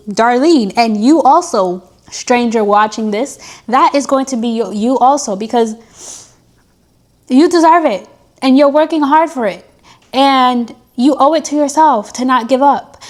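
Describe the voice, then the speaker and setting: A young woman vlogger with a high-sitting voice speaks candidly to the camera, diary-style. Chatty and poking fun at herself, she delivers an emotional pep talk.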